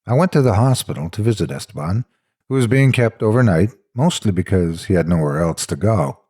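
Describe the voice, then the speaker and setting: A man's voice: lowish voice, animated, brisk, dark tone, breathy edge. A man narrating a horror story in the first person, with a dramatic, intense delivery.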